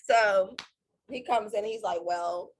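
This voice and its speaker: A woman's voice: medium pitch, lively intonation, moderate pace, slightly rough. A woman co-hosting a casual storytime chat, rambling and interrupting herself as she tells her side. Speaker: co-host.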